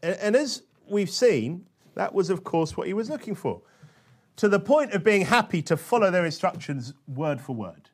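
Higher-voiced conversational male preacher. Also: sing-song, breathy edge. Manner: conversational, with frequent tag questions; slows and stresses quoted scripture. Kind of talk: sermon.

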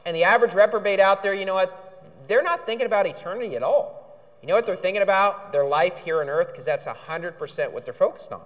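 A man's voice: sits high, quick pace, a bit bright. A male pastor preaching a sermon, indignant, with outbursts when angry. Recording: reverberant hall.

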